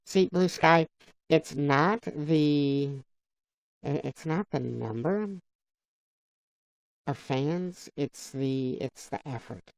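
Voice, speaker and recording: A man's voice: fairly high pitch, very slow, vocal fry, pauses often, smooth, no echo, poor audio. A man on a live stream, chatting casually, laughing often and reading viewers' comments aloud. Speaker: livestreamer.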